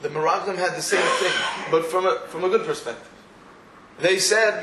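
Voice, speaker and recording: Brief: high-voiced man teaching a Torah class, lively storytelling, echoey room with faint noise. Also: brisk. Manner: animated storytelling with quoted voices. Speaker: rabbi.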